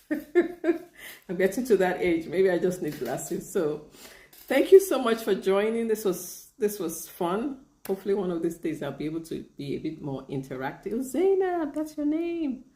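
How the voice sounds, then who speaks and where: A woman chatting casually on a live stream, reading viewer comments, laughing often and trying out halting Arabic phrases. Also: medium pitch, sing-song, dark tone, reverberant. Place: lives in Bahrain.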